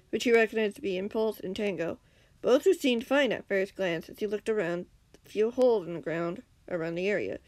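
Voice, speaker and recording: A woman's voice: mid-range voice, dry recording. A woman reading her own fan story aloud, stumbling and laughing now and then. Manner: reads with slips and giggles, acts out shouted lines. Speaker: fanfiction reader.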